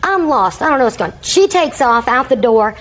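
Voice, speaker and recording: A woman's voice: a little high, sing-song, brisk, a bit bright, rough recording. An older woman, a grandmother, giving long courtroom testimony as a litigant and rambling through her account while acting out what others said.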